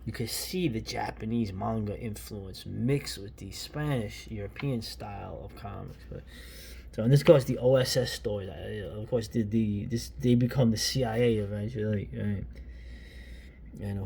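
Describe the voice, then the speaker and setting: A man in his fifties from New York talks through an old comic in a low, gravelly voice. His delivery is loose and opinionated, full of restarts and asides, with a faint hiss behind him. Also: measured pace, mellow. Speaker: comic book reviewer. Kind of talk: casual commentary while flipping through a comic.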